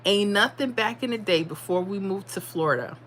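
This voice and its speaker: A livestream host in her forties from the South Bronx, with a New York accent, casually chats on her stream and reads comments, sassy and laughing often. Her mid-range voice is fairly quick and a bit bright. There's slight background noise.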